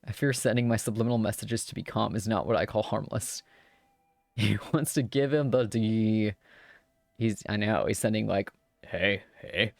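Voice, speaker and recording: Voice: medium pitch, moderate pace, gravelly, a little mellow, no room sound. A streamer reading a romance visual novel aloud live, with giggly, chatty joking asides.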